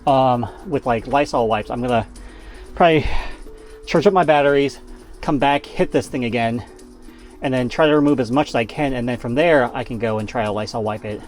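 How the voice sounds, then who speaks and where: A man talks casually while he cleans a camper van, rambling and correcting himself as he goes. He sounds a little out of breath, and his voice sits at an ordinary middle pitch. Faint music plays underneath. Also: a little fast. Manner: chatty, rambling with fillers and self-corrections. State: slightly out of breath from working. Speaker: vlogger. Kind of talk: casual narration while working.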